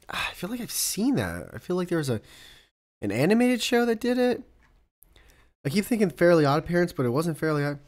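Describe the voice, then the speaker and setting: A young man hosting a podcast, talking off the cuff in a loose, rambling way. His pitch swings widely as he climbs into exasperated, profane rants and laughs along the way. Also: sing-song, moderate pace, pauses often. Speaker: podcast host. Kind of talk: casual solo chat.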